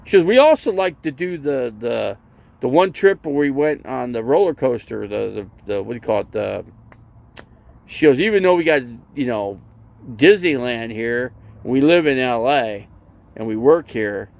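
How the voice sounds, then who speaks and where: The creaky, mid-range voice has lively intonation and a moderate pace, though the highs are cut off. This RV vlogger rambles through a long story in casual livestream chat, restarting frequently, saying "you know" a lot, and voicing both speakers in a conversation.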